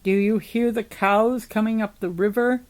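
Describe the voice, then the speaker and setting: A woman's voice: medium pitch, steady tone, normal speed, a little mellow, close to an everyday voice. A woman voicing a disembodied talking head with a metallic, insistent way of giving urgent commands, in a read-aloud story.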